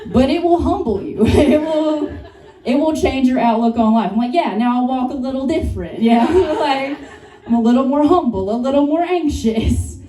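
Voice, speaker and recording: A young woman doing stand-up in a bar, her mellow, fairly high voice picked up from a distance. Self-deprecating and quick to chuckle at her own lines, the sound is roomy and echoey. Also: expressive. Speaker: stand-up comedian and co-host. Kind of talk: stand-up comedy set. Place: comedy bar stage.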